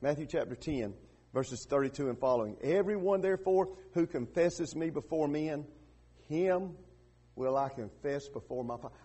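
A man preaching a sermon in a church, building from quiet, hushed passages to loud, emphatic peaks with repeated rhetorical questions. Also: fairly high pitch, expressive, moderate pace, long pauses, breathy edge. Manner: repetitive call-and-response questioning. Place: church with radio and online broadcast.

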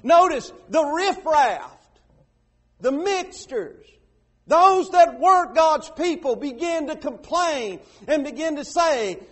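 A man, a pastor preaching a sermon in a folksy way, acting out quotes loudly. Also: very high-pitched, animated, slow pace. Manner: folksy preaching with sudden loud acted quotes.

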